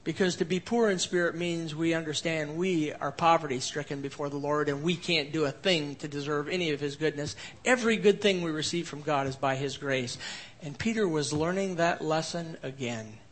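Guy preaching a sermon, pretty high voice, gets loud and punchy then drops real quiet. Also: normal speed. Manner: swings between emphatic rises and quiet low passages. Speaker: pastor. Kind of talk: expository sermon.

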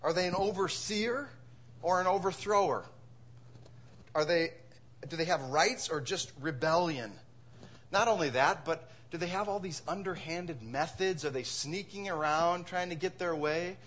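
A man's voice: on the high side, unhurried, fairly bright tone. A man from Wisconsin preaching a sermon as pastor, conversational, asking rhetorical questions and repeating words.

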